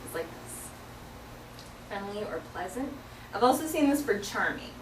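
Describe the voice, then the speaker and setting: A woman's voice: medium pitch, expressive, moderate pace, noisy background. A woman teaching a sign language vocabulary lesson in a classroom, explaining each sign patiently, step by step, with many fillers. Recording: echoey classroom from far off.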